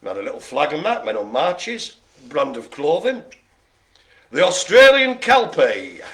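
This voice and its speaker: A man's voice: on the high side, wildly swooping pitch, measured pace, fairly bright tone. A man calling bingo as host, joking and laughing through playful banter. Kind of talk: jokey live bingo calling.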